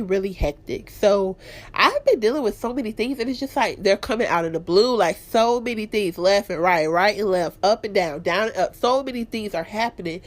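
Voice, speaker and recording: A woman hosting her own podcast, talking candidly and expressively about her week and her faith, clearing her throat now and then. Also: mid-range voice. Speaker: podcast host. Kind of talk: casual personal talk.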